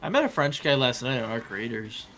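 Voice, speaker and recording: A man's voice: medium pitch, animated, brisk, a bit bright. A man chatting casually with friends while gaming, telling a rambling story with laughs and restarts. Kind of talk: casual chat while playing.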